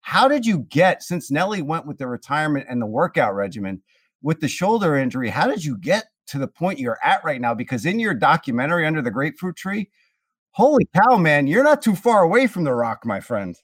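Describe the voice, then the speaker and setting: Animated, joking male host. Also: on the high side, brisk, no room sound, clean studio sound. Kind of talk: casual interview.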